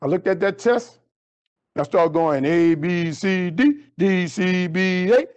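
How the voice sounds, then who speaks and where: A man's voice: takes it slowly, clear, resonant tone. A man giving a motivational talk, telling a story and acting out every line of dialogue. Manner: animated storyteller acting out dialogue with big pitch jumps. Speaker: motivational speaker. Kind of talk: storytelling keynote speech.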